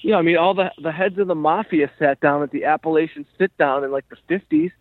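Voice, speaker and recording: Rambling comedian with a tinny, dry sound. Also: male voice, a little high, fast talker, no echo. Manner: rambling, animated, heavy use of "like". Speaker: comedian and podcast host. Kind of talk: casual storytelling chat.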